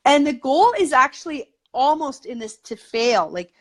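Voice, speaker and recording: A talkative woman guest with a fairly high voice, chatting in a loose, eager way. She fills her sentences with "like" and "you know" as she explains her ideas to an interviewer. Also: sing-song, moderate pace. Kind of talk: casual conversational interview.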